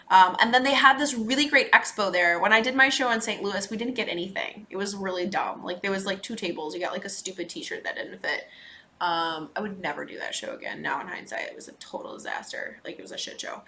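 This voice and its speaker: A woman from Minnesota hosts her podcast in a casual, chatty recap. Her voice is bright and forward at a middle pitch. She talks in lively bursts and drops into quiet asides. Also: fairly quick, a little hiss or hum. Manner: chatty, animated, frequent laughs and asides. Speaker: podcast host.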